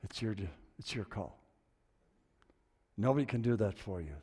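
A man, older, preaching a sermon with a personal story, dropping to low murmurs and rising to loud excited bursts. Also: normal speed, slightly rough. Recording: long reverb of a hall.

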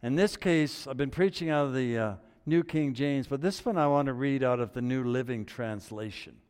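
A male pastor delivering a sermon, emphatic, rising to loud exclamations and dropping to hushed near-whispers, in a church sanctuary. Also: mid-range voice, moderate pace, smooth. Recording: long hall reverb.

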